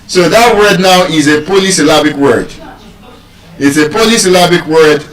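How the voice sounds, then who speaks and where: A man's voice: on the high side, moderate pace, a bit bright. A man with a Nigerian accent teaching pronunciation in a live lesson, stretching out and repeating example words. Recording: echoey room, far from mic.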